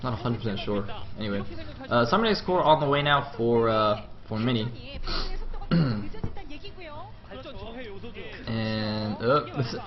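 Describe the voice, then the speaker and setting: A man giving live play-by-play commentary on a strategy game match, excitable and jumping up in pitch whenever the action heats up. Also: unhurried, pauses often. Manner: excitable, voice jumps high at action. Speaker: esports commentator. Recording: dull lo-fi stream audio.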